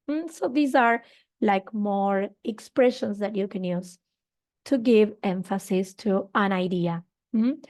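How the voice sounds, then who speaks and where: A woman's voice: on the high side, slow pace, a little mellow. A woman teaching an online English grammar lesson, explaining patiently with fillers and check-ins, a Spanish speaker teaching in English.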